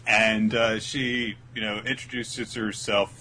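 A man's voice: fairly low pitch, flat delivery, takes it slowly, sharp tone, slight background noise, low-quality recording. A man hosting a casual manga recap podcast, summarizing chapters in a dry, mock-exasperated way. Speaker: podcast host.

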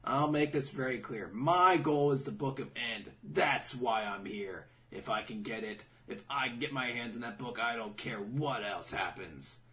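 A man voicing a brooding, vengeful young male mage in a low, grim tone. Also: moderate pace, hardly any pauses, fairly bright tone, distant mic, natural voice.

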